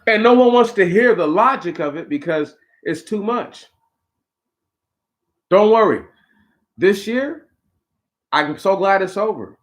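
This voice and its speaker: A man's voice: high voice, lively intonation, measured pace, long pauses. A man hosting a talk show, delivering a preachy, conversational monologue straight to his listeners with slang asides. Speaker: podcast host.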